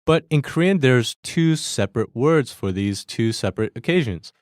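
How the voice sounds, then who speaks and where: A man hosts a language lesson, walking learners through Korean phrases step by step. His mid-pitched voice rises and falls in lively swings. The sound is close and dry, with no room around it. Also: normal speed, no echo. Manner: friendly, breaks down phrases step by step, laughs easily.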